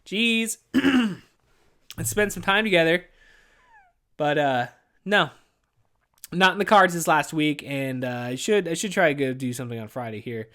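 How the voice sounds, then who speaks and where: A man's voice: a little high, expressive, moderate pace, long pauses, a bit bright. A man in his thirties hosting a podcast, venting in a weary, rambling way and swearing constantly. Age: 30s. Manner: profane, rambling, says "dude" constantly. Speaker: podcast host. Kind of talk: casual rambling monologue.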